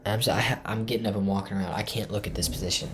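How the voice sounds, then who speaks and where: A man from Tennessee excitedly walking through his chess game, thinking aloud and swinging between loud bursts and hushed asides. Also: fairly low pitch, racing, background noise. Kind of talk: excited game recap to camera.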